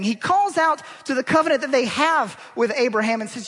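A male preacher giving an animated, rhetorical sermon that draws his congregation in, heard in a church hall. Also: extremely high pitch, fairly quick, few pauses. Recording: long church-hall reverb.

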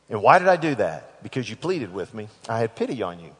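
A man preaching a sermon, dramatically acting out scripture dialogue with big swings in loudness. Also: mid-range voice, very animated, a little fast, few pauses, slightly rough. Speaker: pastor. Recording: echoey hall.

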